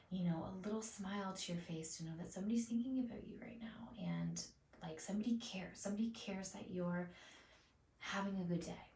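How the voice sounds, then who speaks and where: A woman vlogging to camera in a soft, often half-whispered, emotional way, set back from a camera mic. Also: medium pitch, a little fast, far from the mic. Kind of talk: heartfelt vlog monologue. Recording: roomy sound from off the mic, faint noise.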